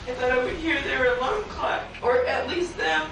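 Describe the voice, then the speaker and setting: A woman's voice: high voice, moderate pace, gravelly. A woman on a reality show, speaking while tearful. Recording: echoey, distant, noisy TV clip.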